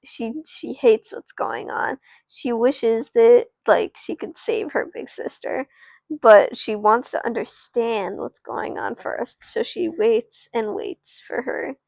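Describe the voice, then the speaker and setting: Woman, sleepy, streamer narrating, rambling asides, slightly high voice, dry close sound. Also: creaky, no echo. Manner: rambling, with restarts and asides to viewers. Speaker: streamer narrating a doll story. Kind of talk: casual live-stream storytelling.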